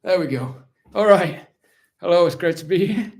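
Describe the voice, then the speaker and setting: A man's voice: sits high, lively intonation, normal speed, a little mellow. A man doing an impression of a proud, weary warrior-captain, talking in a rambling, self-justifying, dryly mock-solemn way during a live question session. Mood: chatty. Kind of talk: live-stream in-character Q&A.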